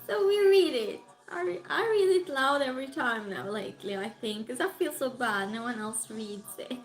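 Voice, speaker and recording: A woman's voice: on the high side, expressive, normal speed, soft background music, poor audio. A woman hosting a casual livestream, chatting and giggling as she greets viewers and reads their comments aloud. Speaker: livestream host. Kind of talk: casual stream chat, reading out viewer comments.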